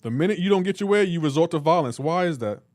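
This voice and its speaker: A man's voice: on the high side, animated, fast talker, a little mellow, dry recording, studio quality. A man on a live reaction stream, teasing and bantering with his chat and laughing often. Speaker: livestreamer.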